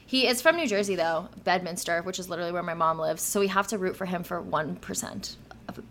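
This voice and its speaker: A woman's voice: on the low side, fairly bright tone, a little hiss or hum. A woman co-hosting a podcast, chatting casually and laughing through a show recap. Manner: chatty, quick asides, laughs often. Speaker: podcast co-host.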